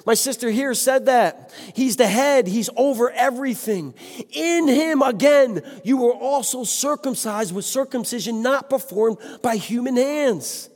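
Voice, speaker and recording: A man's voice: extremely high pitch, a little slow, a little mellow. A man preaching a sermon with passion, exclaiming and speaking to the congregation. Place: church sanctuary. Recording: long hall reverb.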